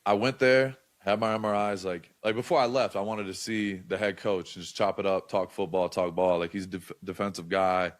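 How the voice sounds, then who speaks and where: This young man, a podcast guest, has a deep voice and talks a little fast with hardly any pauses. His storytelling is casual and animated, loose and full of slang and fillers.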